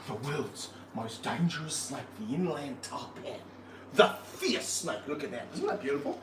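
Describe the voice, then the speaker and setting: A man running a casual livestream from his reptile room, excitable and jokey, full of slang. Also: a little high, unhurried, reverberant, background noise. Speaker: reptile park owner and streamer.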